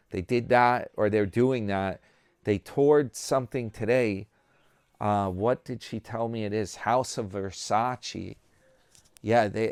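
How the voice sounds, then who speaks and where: Slow, smooth-voiced rambling vlogger man. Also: lowish voice, dry recording, studio quality. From New York. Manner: rambling, self-mocking, talking to subscribers. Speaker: vlogger host. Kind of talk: casual chat.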